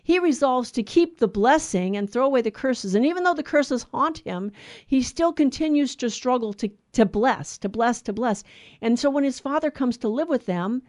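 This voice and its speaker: Woman telling a story, acts out the voices, higher pitch, dry close sound. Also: normal speed, dry recording. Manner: animated, acts out the lines, many restarts. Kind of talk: casual storytelling.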